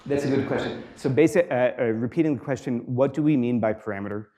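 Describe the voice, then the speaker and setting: A man giving a university guest lecture in a relaxed, explanatory way, with frequent fillers, repeating students' questions aloud. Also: medium pitch, fast. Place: lecture hall.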